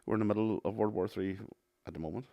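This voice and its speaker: A young man with a Northern Irish accent, talking in loose, swear-filled podcast banter and reading out listener questions. His voice sits on the low side. It is recorded close and dry, with no room sound. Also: fast talker, dark tone, no echo, lo-fi sound. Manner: sweary, reads listener questions, laughs often. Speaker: podcast co-host.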